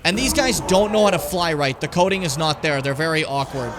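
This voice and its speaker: A man's voice: a little high, moderate pace, hardly any pauses, music in the background. A young man casually commenting on a game as he plays it, chatting with viewers and swearing often. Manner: chatty, swears a lot, talks to chat. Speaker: streamer.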